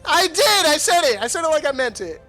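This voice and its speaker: Man, esports caster, hoarse worn voice, excitable play-by-play, high voice, faint music underneath. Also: fairly quick. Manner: excitable, rising to shouts in big plays, laughs often. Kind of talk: live esports play-by-play commentary.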